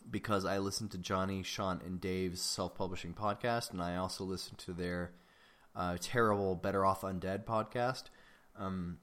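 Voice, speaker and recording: Low-voiced, rambling podcast host man. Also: a bit bright. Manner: rambling and self-deprecating, with frequent ums. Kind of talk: casual solo podcast chat.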